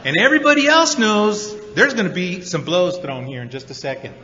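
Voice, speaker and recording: A man speaking at a recovery meeting, telling his story to an audience in an animated way, acting out the voices of the people in it. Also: sits high, brisk, noisy background. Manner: animated storyteller, acts out quotes, many repeated 'and's. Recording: dull recording in a hall with reverb.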